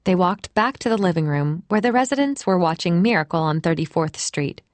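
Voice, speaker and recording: A woman narrating an audiobook in a gentle, expressive way. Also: on the low side, brisk, no room sound. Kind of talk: scripted narration. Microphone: close studio mic.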